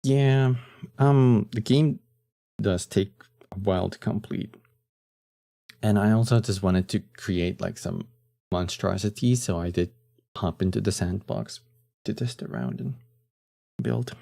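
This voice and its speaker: A man streaming casually, relaxed and chatty, who laughs often, trails off into fillers and answers his chat. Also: lowish voice, unhurried, vocal fry, long pauses. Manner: reads chat messages aloud and answers them.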